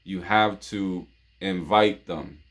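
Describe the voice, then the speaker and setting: A man's voice: low-pitched, fairly even intonation, slow, fairly bright tone. A man from New York hosting his own show, giving relationship advice in an informal monologue full of "you know what I'm saying" and repeated phrases. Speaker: show host.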